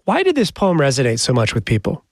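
A man's voice: medium pitch, wildly swooping pitch, quick pace, husky, dry recording, studio quality. A man hosting a broadcast interview, asking questions in a polished, conversational way. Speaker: radio interview host.

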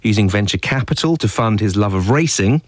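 A man narrates a scripted podcast in a calm, measured tone. His voice sits low and is close and dry, with no room sound. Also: no echo. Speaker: podcast co-host, business editor.

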